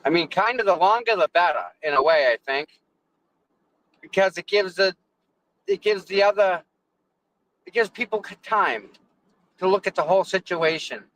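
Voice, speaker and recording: A man's voice: sits high, normal speed, long pauses, fairly bright tone, poor audio. A man live-streaming casually from his car in traffic, rambling, repeating words and thanking viewers effusively. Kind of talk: casual live-stream chat while driving.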